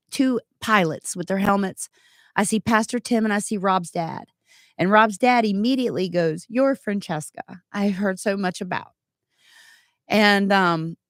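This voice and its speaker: A woman in her thirties giving an earnest, animated personal testimony, full of asides. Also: medium pitch, no room sound, studio quality.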